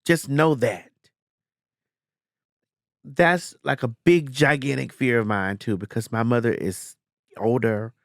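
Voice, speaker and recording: A woman's voice: slow, long pauses, dry recording, studio quality. A woman hosting a podcast in casual chat, blunt and emphatic, swearing freely. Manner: low and earnest when comforting. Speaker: podcast host.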